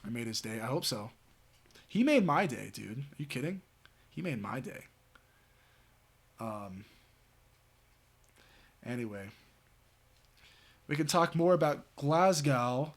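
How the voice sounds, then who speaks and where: During a late-night stream, a man with a mid-range voice tells a story, animated yet at a measured pace, pausing often. The telling is casual and rambling, full of filler words and frequent swearing.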